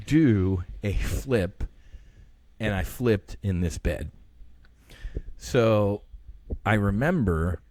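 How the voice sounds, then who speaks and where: A man in his fifties, a podcast guest telling a personal story in an earnest, halting way, often restarting his sentences. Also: fairly low pitch, darkish tone. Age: 50s.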